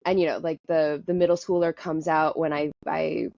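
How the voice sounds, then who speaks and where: Gravelly low-voiced woman telling candid stories. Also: level tone, normal speed, darkish tone, no room sound, lo-fi sound. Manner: candid and rambling, laughs at herself. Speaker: podcast guest. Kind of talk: candid conversational storytelling.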